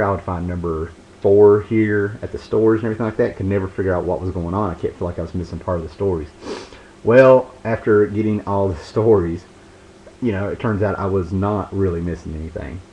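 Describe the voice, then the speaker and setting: A man with a deep, low voice chats loosely about his comic collection, stopping and restarting his sentences. The recording is dull and lo-fi, with a faint hiss underneath. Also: darkish tone. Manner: rambling, laid-back, lots of fillers and restarts. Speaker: comic book video host. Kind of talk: casual show-and-tell review.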